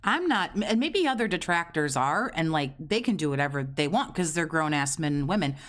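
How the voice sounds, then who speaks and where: A man's voice: on the high side, big pitch swings, a little fast, fairly bright tone. A man hosting a reaction commentary, sarcastic and profane as he mocks a streamer. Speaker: commentary host.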